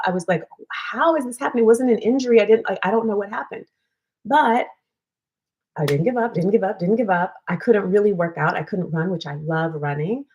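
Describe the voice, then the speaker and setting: A woman's voice: fairly low pitch, darkish tone. Woman, livestream wellness host, casual and earnest, repeats herself for encouragement. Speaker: host of a weekly live wellness show. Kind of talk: casual motivational livestream talk.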